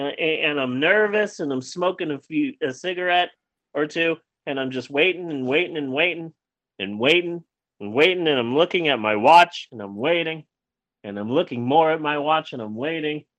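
A man with a fairly high voice tells a personal story in a loose, animated way. He trips over his words, repeats himself and swears freely, and the recording sounds a little dull and lo-fi. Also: moderate pace. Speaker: guest telling a personal story. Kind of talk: casual anecdote.

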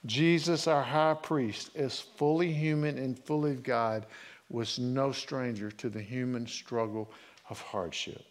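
In a slow, steady, mid-range voice, a pastor preaches to his congregation as if in conversation. He asks them questions, his delivery rising loud and then falling quiet.

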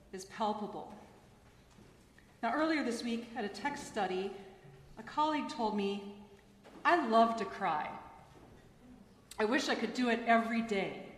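A woman pastor and chaplain giving a gentle, earnest sermon after a gospel reading in a church. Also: on the high side, slight background noise. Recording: echoey church hall.

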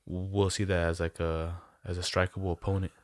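A man's voice: low-pitched, little pitch movement, brisk, no room sound. A young man in casual chat, rambling and slangy, full of "like" and "bro".

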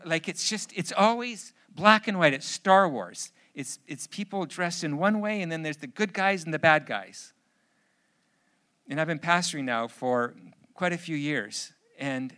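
A middle-aged male pastor delivers a sermon in a fairly high voice. He keeps it light, telling family stories and briefly putting on the voices of the people in them. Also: fairly bright tone. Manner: humorous storytelling, acts out family voices.

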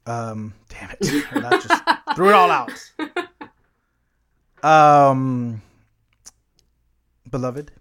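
This young co-host from the United States chats casually on a podcast, laid-back and profane, wandering off a bit as he goes. His mid-range, fairly bright voice moves very slowly with wildly swooping pitch.

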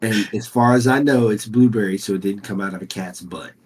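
A man's voice: lowish voice, brisk, a little mellow, breathy edge. A man co-hosting a casual podcast chat in an easygoing, hedging way. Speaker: podcast co-host.

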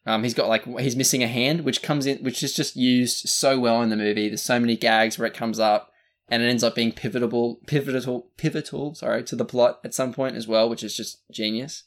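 Reviewing a movie on a laid-back podcast he co-hosts, an Australian man rambles, restarting often and using many fillers. His medium-pitched voice is fairly even in intonation and a little fast.

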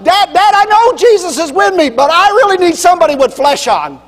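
A man voicing a frightened little boy who is afraid of a thunderstorm and calls out in high, pleading hollers. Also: sing-song, fairly quick, fairly bright tone, heavily acted. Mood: scared pleading. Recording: long hall reverb with mains hum.

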